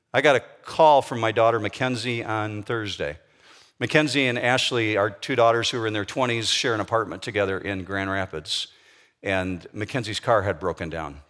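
Middle-aged Midwestern pastor, mid-range voice, chatty storytelling sermon with questions to the congregation. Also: male voice, mid-range voice, a bit bright. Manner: storytelling, conversational, asks the audience questions.

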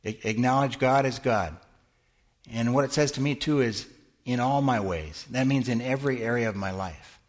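A man's voice: mid-range voice, normal speed. A middle-aged male pastor giving a conversational sermon in a church, asking the congregation questions and answering them. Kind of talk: interactive sermon teaching.

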